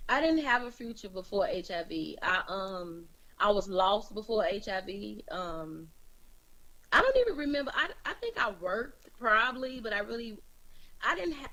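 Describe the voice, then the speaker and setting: A woman's voice: mid-range voice, sharp tone, poor audio. A woman from Chicago speaking as a guest in an interview, telling her own story in a candid, frank way and laughing easily.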